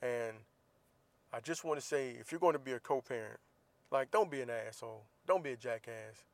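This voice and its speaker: A man's voice: medium pitch, moderate pace, creaky, dry recording. Laid-back man telling stories. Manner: laid-back, teasing, profane. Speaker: vlogger. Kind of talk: casual storytelling monologue.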